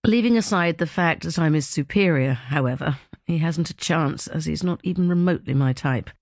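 A woman narrating a first-person novel as an audiobook, with a dry, wry, measured delivery. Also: low voice, a little mellow, no room sound. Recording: dry close studio sound.

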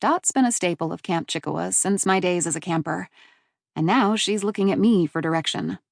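A woman's voice: fairly low pitch, fairly quick, creaky, no room sound, studio quality. Woman reading a first-person audiobook. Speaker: narrator.

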